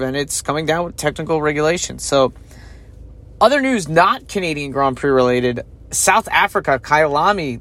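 A man's voice: a little high, fairly bright tone. A man hosting a podcast, giving casual solo commentary in a chatty, opinionated way and thinking aloud with fillers. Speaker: podcast host.

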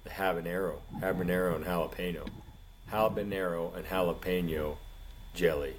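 A man with a low, deep voice tells a rambling, animated story on a casual podcast. He drops "dude" into almost every sentence. A murmur of people talking sits behind him. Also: normal speed, a crowd in the background. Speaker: podcast co-host.

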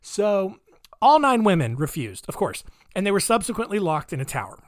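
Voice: mid-range voice, sing-song, fast, no room sound, studio quality. A comedy podcast host retelling saint stories in a sarcastic, rambling way, with many fillers.

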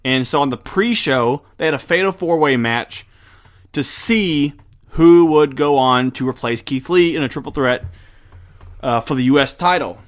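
A man hosting a casual podcast, bluntly reviewing a beer and recapping wrestling, excitable, swearing and laughing often, with many restarts. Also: a little high, normal speed. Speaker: podcast host.

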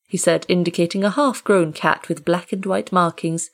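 A woman reading a short story aloud as narrator, in a measured, dramatic way. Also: fairly low pitch, steady tone.

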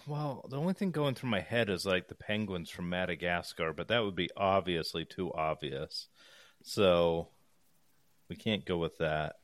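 A man's voice: low voice, normal speed, a bit bright, no echo. A man co-hosting a casual podcast chat, chatty and rambling, with self-deprecating jokes. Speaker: podcast co-host.

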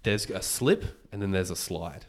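A man, hosting a podcast and retelling a story in casual chat, animated and swearing freely. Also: low voice, moderate pace, slight background noise. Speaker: podcast host.

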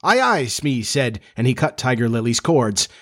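A man narrating a children's storybook in a steady, measured reading voice. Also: medium pitch.

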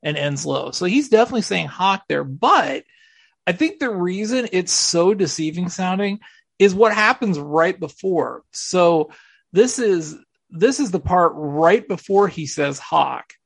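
A man's voice: high-pitched, lively intonation, measured pace, vocal fry, husky, dry recording. A man hosting a sports radio podcast, explaining clips in a casual, mock-serious way. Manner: mock-serious, walks through audio clips. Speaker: podcast host.

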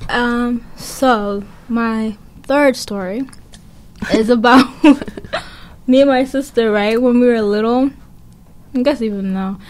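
A woman's voice: fairly high pitch, slow pace, slight background noise. A young woman telling stories in casual chat, rambling and giggly.

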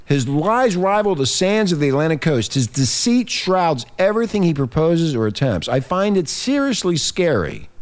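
A man hosting a political talk radio show, emphatic and animated, reading from a text between remarks. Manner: animated, emphatic, swinging from low grumble to high exclaim; reads aloud from a written text between remarks.

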